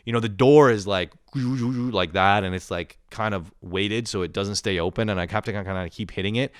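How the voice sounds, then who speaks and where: Low-voiced man swearing through a story. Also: moderate pace, smooth, no echo, studio quality. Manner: profane, rambling, animated retelling. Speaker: vlogger. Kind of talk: casual storytelling monologue.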